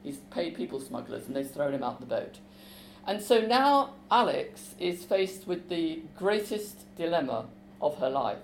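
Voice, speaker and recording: A woman author talking about her visits to schools, lively and chatty. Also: low-pitched, measured pace, echoey room, a little hiss or hum, rough recording. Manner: lively, chatty, with fillers and restarts. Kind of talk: talk with a book reading.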